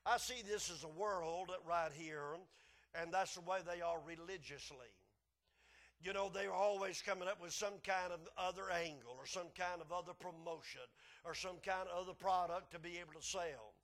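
A man preaching a sermon, his voice climbing loud when he reads scripture and dropping low when he explains it. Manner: rises loud and high reading scripture, drops low to explain.

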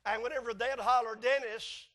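A man preaching a folksy sermon, chuckling at his own stories and swinging from soft asides to hollering. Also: high-pitched, moderate pace.

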